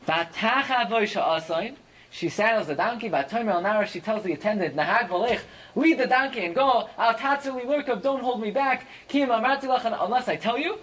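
Torah class teacher, reads Hebrew lines then English, mid-pitched, dramatic, emphatic rises. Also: expressive, fairly quick, slightly rough, rough recording. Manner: reads Hebrew phrases and translates each into English; dramatic, swings sharply up for emphasis. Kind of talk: verse-by-verse Bible class.

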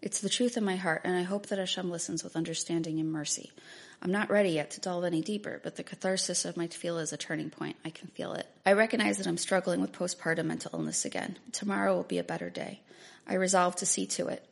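Gravelly husky woman reading a memoir. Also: fairly low pitch, quick pace. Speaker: memoir narrator. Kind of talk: first-person memoir reading.

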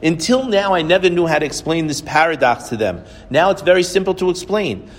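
A woman's voice: fairly low pitch, lively intonation, brisk. A male preacher voicing a frail, determined elderly woman as he retells her words, in a hall with a long reverb. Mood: earnest.

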